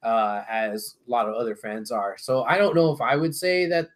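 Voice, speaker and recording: A man's voice: mid-range voice, steady tone, normal speed. Easygoing, joking man on a podcast. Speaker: podcast co-host reading live chat. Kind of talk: casual chat.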